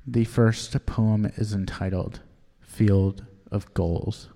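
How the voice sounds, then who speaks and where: A man plays a painfully earnest poet who takes his own verse far too seriously and gets choked up reading it. He talks slowly and haltingly, with a long reverb trailing his voice. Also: fairly low pitch, steady tone, mellow. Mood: solemn. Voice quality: halting, self-serious, hesitant delivery. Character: overly earnest, emotional male poet, easily choked up. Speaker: guest poet. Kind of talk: comedy sketch, dramatic poetry reading.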